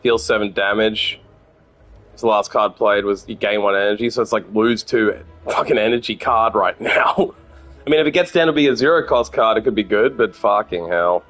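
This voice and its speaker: A man's voice: fairly low pitch, normal speed, a bit bright. Brief: Australian man in his thirties, swearing casual game streamer, faint music behind. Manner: thinks aloud, swears freely, chats with viewers. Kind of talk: casual gameplay commentary.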